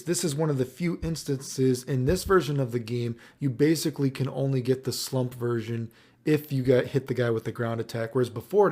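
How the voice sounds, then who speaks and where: A man rambles through casual commentary on gameplay clips, with a mellow, gravelly tone. He swears freely and keeps checking whether the listener follows. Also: medium pitch. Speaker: fighting game commentator.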